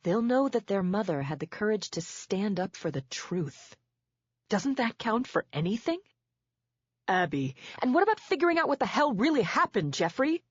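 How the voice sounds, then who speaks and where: A woman's voice: mid-range voice, animated, unhurried, breathy edge, dry recording, highs cut off. A woman voicing a desperate wife who refuses to give in, speaking in a strained, raised voice. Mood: defiant. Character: desperate wife standing firm on principle.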